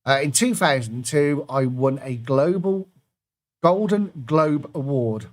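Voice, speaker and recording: Guy running an online pub quiz on his computer mic, bit high-voiced, chatty, laughs at his own slip-ups. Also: takes it slowly. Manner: self-deprecating, chatty, fumbles and laughs at own mistakes. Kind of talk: online quiz hosting, reading clues aloud. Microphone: computer microphone.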